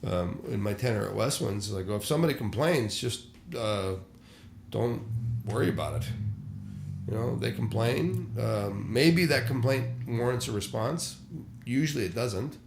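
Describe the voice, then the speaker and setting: A man's voice: medium pitch, lively intonation, moderate pace, gravelly, background noise. A man who leads church worship, speaking candidly in a casual podcast conversation and acting out the people he quotes. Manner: candid storyteller, acts out quoted voices. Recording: roomy echo.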